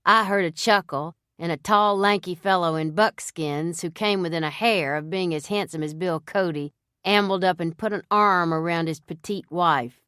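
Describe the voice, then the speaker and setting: Brief: female audiobook narrator, first-person, measured delivery, low smooth voice. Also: dry recording, clean studio sound. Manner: measured, even storytelling.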